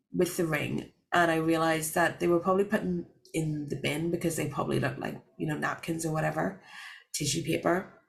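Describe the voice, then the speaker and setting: A woman's voice: low voice, vocal fry, poor audio. A young woman vlogger telling a story casually to camera, rambling with lots of fillers and restarts.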